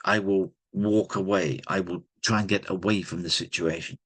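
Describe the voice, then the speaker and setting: A man's voice: low voice, fairly even intonation, normal speed, a bit bright, slightly rough. A man hosting a podcast, talking bluntly and emphatically in a personal monologue. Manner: blunt, emphatic, repeats himself. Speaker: podcast host.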